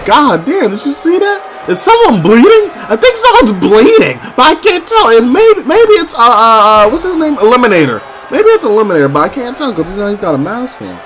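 Excitable man shouting wrestling commentary. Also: very high voice, fairly quick, hardly any pauses, over a noisy crowd, low-quality recording. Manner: shouting, exclaiming, loose slangy talk. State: losing his voice, squeaky.

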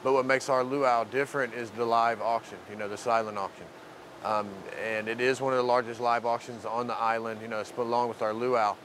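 In a casual interview over a noisy background, a mainland man who lives at and volunteers for the program describes his work. He talks fairly quickly in a level, medium-pitched voice, rambling loosely and leaning hard on "you know" and similar fillers.

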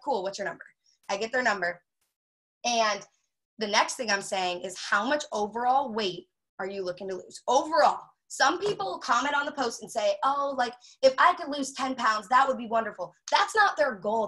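A woman giving a casual sales training talk, chatty and animated, acting out customer chats with lots of filler words. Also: a little high, low-quality recording.

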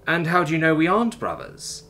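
A man's voice: a little high, huge pitch swings, fairly quick, sharp tone, soft background music, voice pushed up, heavily acted. A man voicing a wary male detainee who answers in a dry, sarcastic, guarded way. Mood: wry guarded.

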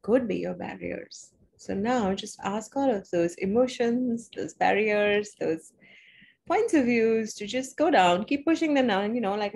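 A woman leading viewers through a guided money exercise on a live stream, talking in a soothing, repetitive coaching way with soft laughs. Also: mid-range voice, gravelly, a little hiss or hum.

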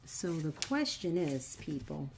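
Woman, middle-aged, craft tutorial host, chatty, self-teasing, unhurried speech. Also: sits low, big pitch swings, vocal fry, very noisy. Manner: chatty, self-teasing, nervous jokes to her audience. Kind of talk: casual crafting demo, talking to viewers.

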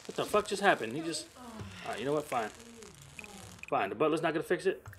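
Slightly high-voiced guy swearing and cracking up at his sim game, rambling about his characters. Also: lively intonation, fast, a bit bright, slight background noise. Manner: rambling, cursing, laughing often, mocking the game's characters. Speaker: gamer. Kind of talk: profane Let's Play commentary.

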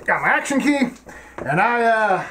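A man's voice: very animated, unhurried, sharp tone, a little hiss or hum, heavily acted. A man playing Kelvin, a dim-witted young film fan who rambles with broken grammar and stammered restarts. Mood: dopey. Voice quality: very high goofy voice. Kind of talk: comedic character sketch.

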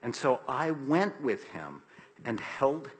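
A man who is a psychiatrist, telling a story to an audience in an animated, emphatic way and acting out the voices he quotes. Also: medium pitch, slow pace, poor audio.

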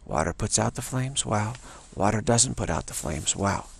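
A man giving a slow, repetitive dharma talk as a spiritual teacher, often restarting and chanting a soft "wow" refrain. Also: lowish voice, expressive, a little hiss or hum. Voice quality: gravelly and husky.

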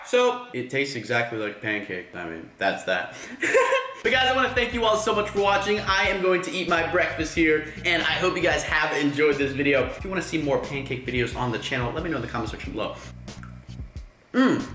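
Young guy vlogging, playful and chatty, medium voice, roomy echo and music playing under him. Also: mid-range voice. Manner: playful, excitable, chatty with viewers. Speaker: YouTube vlogger. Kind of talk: casual vlog talk to camera.

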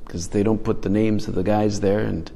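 A man's voice: on the low side, little pitch movement, moderate pace, creaky, dark tone, slight background noise. Man preaching a reflective homily, long reverb. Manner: reflective and conversational, often restarting phrases. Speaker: priest.

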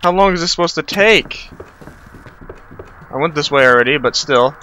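A young man commentating his own horror game playthrough, muttering nervously while exploring and yelling in panic when chased. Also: on the high side, animated, moderate pace, slight background noise, poor audio. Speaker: gaming channel host.

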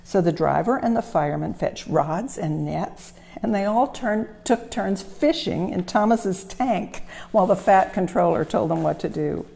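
Mellow woman reading a children's story. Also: fairly low pitch, a little slow, vocal fry, hardly any pauses. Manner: gentle, expressive storytelling. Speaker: museum storyteller. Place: railway museum.

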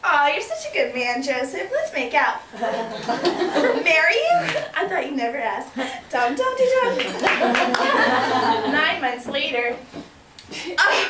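On stage before a live audience, a woman stand-up comedian uses a high-pitched, full character voice to play a sassy, crude young Mary in a one-woman sketch, brash, giggly and exaggerated. The recording is distant and roomy, with audience laughter.

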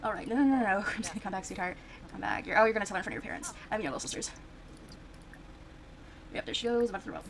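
A woman talks her way through a life-sim game in a loose, chatty ramble, trailing off into fillers and starting her sentences over. Her voice sits at an ordinary middle pitch. A faint hiss runs under the recording. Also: animated, racing, vocal fry, pauses often, poor audio. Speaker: gaming video creator. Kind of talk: casual gameplay commentary.

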